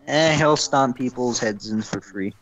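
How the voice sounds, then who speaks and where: A man's voice: mid-range voice, measured pace, a bit bright, rough recording. A young man chatting casually with a friend, joking and wry. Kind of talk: casual chat.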